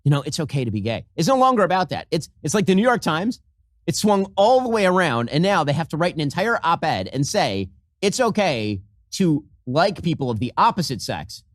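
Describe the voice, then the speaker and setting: Emphatic male commentator, lively pitch. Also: a little fast, no room sound, studio quality. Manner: emphatic, sardonic, reads quotes aloud. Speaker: political commentator. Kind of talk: fast opinion commentary.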